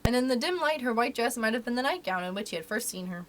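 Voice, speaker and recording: A woman reading a children's book aloud for a library storytime, with expressive, animated delivery. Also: a little high, quick pace, slight background noise.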